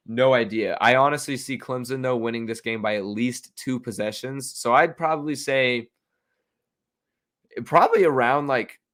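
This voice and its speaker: A man hosting a sports betting podcast, talking casually and excitedly, opinionated and rambling with frequent restarts. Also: mid-range voice. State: hiccups.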